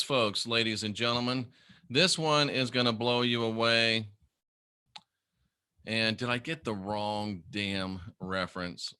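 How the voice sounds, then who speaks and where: A man's voice: lowish voice, steady tone, measured pace, bright, forceful tone, clear, resonant tone, no echo, studio quality. A middle-aged man, a former minister, delivering a sarcastic, scornful ranting monologue to camera. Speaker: former minister turned critic.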